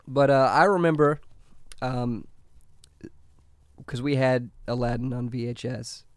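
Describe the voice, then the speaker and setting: A young man in his twenties talks casually about movies and laughs easily. He often restarts and doubles his words. His voice is at an ordinary pitch, recorded close and dry. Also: steady tone, unhurried, clear, resonant tone, no room sound. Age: 20s. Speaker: podcast co-host.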